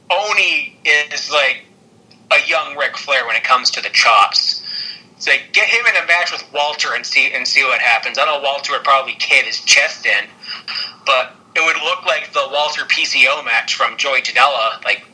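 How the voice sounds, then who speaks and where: A man co-hosting a podcast, rambling excitedly through a wrestling recap with lots of fillers and laughter. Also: mid-range voice, rough recording. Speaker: podcast co-host. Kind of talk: casual wrestling recap chat.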